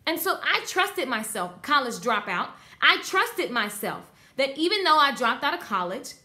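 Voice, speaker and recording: Animated high-voiced woman coaching viewers live. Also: normal speed. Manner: animated, emphatic, talks straight to viewers, reads out comments. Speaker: beauty business coach. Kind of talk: live-streamed class, chatting with commenters.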